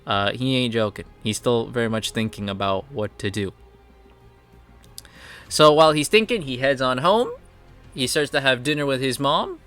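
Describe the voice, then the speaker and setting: A man's voice: mid-range voice, animated, moderate pace, pauses often, a bit bright, soft background music. A man casually recapping comic chapters as a reviewer, retelling scenes by paraphrasing the characters and chuckling along. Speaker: manhwa reviewer.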